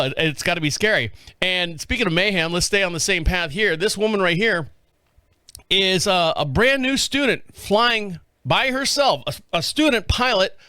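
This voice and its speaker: A man hosting a podcast, commenting on news clips in a joking, animated way. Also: high voice, clean tone, dry recording. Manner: joking, animated, laughs often. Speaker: podcast host.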